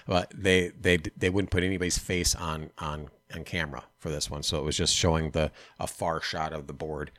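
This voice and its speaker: A man co-hosting a casual talk show, halting and repeating himself, indignant. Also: rumbling low, level tone, a bit bright, dry recording. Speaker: podcast co-host. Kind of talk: casual chat.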